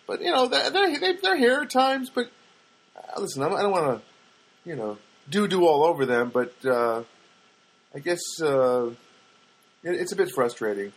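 A man's voice: a little high, big pitch swings, normal speed, long pauses, poor audio. A man telling a casual, rambling story with many fillers and restarts, with wry, self-deprecating asides.

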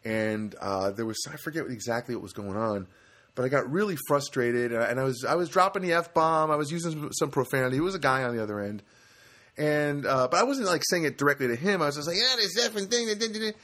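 A man's voice: mid-range voice, lively intonation, quick pace, fairly bright tone. A man from New Jersey, a comedian hosting his own show, telling rambling stories in a casual monologue with many restarts. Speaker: comedian podcast host.

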